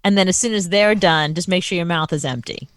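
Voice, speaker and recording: A woman's voice: lowish voice, no echo. Chatty woman co-host, dry sound. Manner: chatty, animated and quick to laugh. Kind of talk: casual podcast chat.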